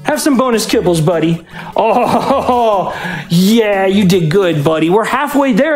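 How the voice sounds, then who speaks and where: A speedrunner at a live event stage giving a dog short coaxing commands and chatting excitedly about the run. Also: mid-range voice, measured pace, faint music behind.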